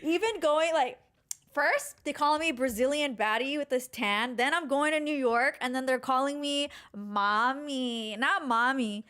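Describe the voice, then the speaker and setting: A young woman co-hosting a podcast in a casual, animated chat, full of filler words. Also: high voice, normal speed. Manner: animated, chatty, heavy use of filler "like". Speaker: podcast co-host.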